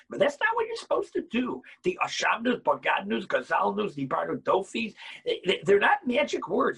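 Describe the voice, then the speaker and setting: A man teaching a Torah lesson as a rabbi, impassioned, swinging between quiet explanation and loud bursts. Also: high voice, gravelly, breathy edge, low-quality recording.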